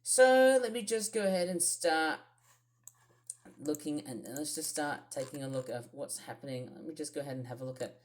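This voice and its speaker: A woman's voice: sits low, expressive, normal speed, darkish tone. A woman with an Australian accent, rambling through casual weather commentary on her own channel with lots of fillers and asides. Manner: rambling, thinking aloud with many fillers. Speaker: weather vlogger.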